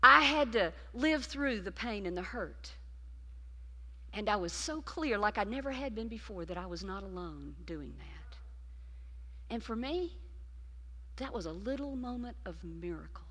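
A woman preacher delivering a sermon, swinging between loud emphasis and hushed, intimate passages. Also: mid-range voice, expressive, unhurried. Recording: long reverb of a large hall.

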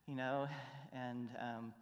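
A pastor giving a sermon in a conversational storytelling way, going from hushed asides to emphatic lines. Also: medium pitch, flat delivery, slow pace, highs cut off. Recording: long reverb of a church hall.

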